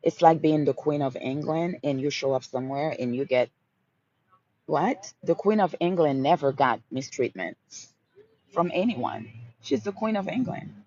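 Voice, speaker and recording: A woman's voice: sits low, a little slow, warm tone, lo-fi sound. A woman with a Haitian accent hosting a live Q&A, speaking emphatically in affirming, repeated mantras and calling listeners honey and baby. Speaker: host of a live Q&A. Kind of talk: motivational livestream talk.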